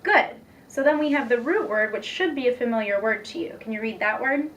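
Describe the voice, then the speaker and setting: A young woman teacher demonstrating a reading lesson, patient and encouraging, speaking slowly and clearly. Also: a little high, lively intonation, fairly bright tone. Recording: distant mic with faint background noise.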